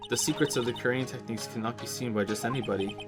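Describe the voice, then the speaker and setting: A man's voice: mid-range voice, fairly even intonation, rapid-fire, over music, lightly acted. A man reading as a haughty older noblewoman. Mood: stern. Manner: haughty, stiff, archaic formality. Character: stern, formal older female spirit-medium aunt.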